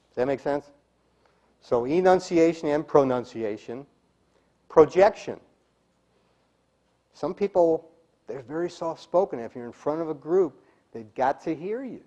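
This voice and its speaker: A middle-aged man with a mellow, warm voice coaches a room of listeners on speaking skills. He talks emphatically, stressing key words and showing each point by example. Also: a little high. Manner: emphatic, demonstrates delivery, drops to a whisper for effect. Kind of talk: live seminar talk to a group.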